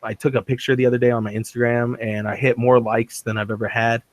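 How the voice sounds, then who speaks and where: A man's voice: medium pitch, level tone, fast, no echo. A man hosting a podcast, reviewing a movie in casual chat and often laughing as he acts out scenes. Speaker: podcast host.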